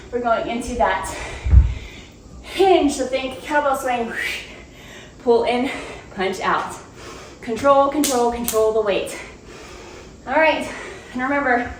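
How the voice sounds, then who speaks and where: A woman's voice: high voice, far from the mic, a little hiss or hum. A woman fitness instructor cueing a home cardio workout, upbeat and chatty, out of breath as she talks. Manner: upbeat, chatty, laughs between cues. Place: room at home. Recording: roomy, off-mic home recording.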